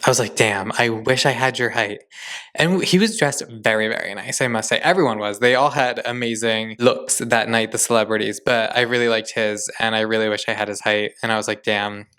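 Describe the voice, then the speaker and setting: Gushing young man with a smooth voice. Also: lowish voice, fairly quick, pushed and bright. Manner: chatty and gushing, acts out dialogue in quotes. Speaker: podcast host. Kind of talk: casual solo podcast recap.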